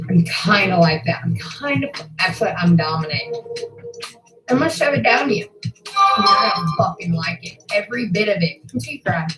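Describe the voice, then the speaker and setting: Furious woman ranting in an echoey room. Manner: furious, profane, threatening; swings between shouting and low seething. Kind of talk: angry livestream rant.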